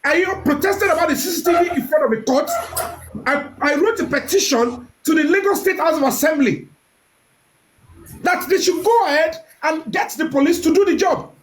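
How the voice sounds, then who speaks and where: High-voiced indignant woman. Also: moderate pace, low-quality recording. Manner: indignant, defensive. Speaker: guest. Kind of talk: heated live stream statement.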